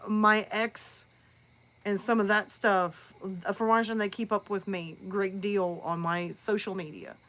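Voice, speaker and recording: A woman who narrates horror chats casually with her live-stream audience. She tells a story in a loose, rambling way. Her voice is bright and forward. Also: mid-range voice. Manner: rambling, chatty storytelling with restarts.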